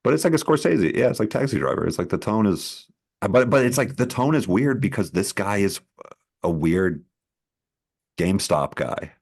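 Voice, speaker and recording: A man's voice: lowish voice, sing-song, moderate pace, gravelly, husky. A man co-hosting a film podcast in casual chat, rambling with lots of "like" fillers. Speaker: podcast co-host.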